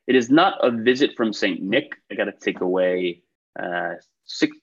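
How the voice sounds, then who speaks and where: A man's voice: lowish voice, animated, moderate pace, husky, muffled recording. A man hosting a trivia quiz over a video call, reading questions and tossing in chatty, upbeat asides between them. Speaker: quiz show host.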